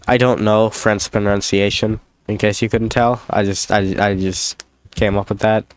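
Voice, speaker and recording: Young guy rambling on his vlog, slow and lowish, dry close sound, cracks jokes at himself. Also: smooth, no room sound. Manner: meandering, self-deprecating, jokey asides. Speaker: YouTuber. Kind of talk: rambling solo vlog chat.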